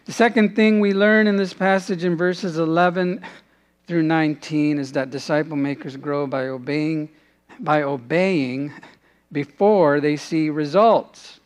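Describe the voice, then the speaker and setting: A man preaching a sermon, earnest, dropping to a hushed voice in prayerful moments. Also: a little high, steady tone, a little slow, clear, resonant tone. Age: adult, father has passed away. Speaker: pastor.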